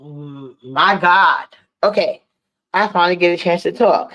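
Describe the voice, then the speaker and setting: A woman's voice: fairly low pitch, unhurried, a bit bright, muffled recording. A woman hosting a live stream, chatting loosely and rambling as she wraps up. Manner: rambling, loose and wrapping up, with fillers. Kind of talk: casual chat.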